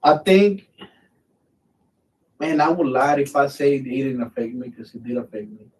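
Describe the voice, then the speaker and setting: A man's voice: mid-range voice, expressive, normal speed, distant mic, poor audio. A man, a veteran hosting his channel, telling a war story in a rambling, profane way full of fillers. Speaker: veteran host. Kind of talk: casual storytelling.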